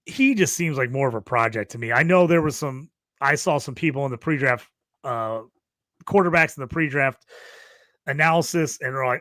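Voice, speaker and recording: A man's voice: mid-range voice, moderate pace, no echo, clean studio sound. A man co-hosting a casual sports podcast, talking loosely and acting out quotes while he rants. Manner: animated, rants with acted-out quotes. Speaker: podcast co-host.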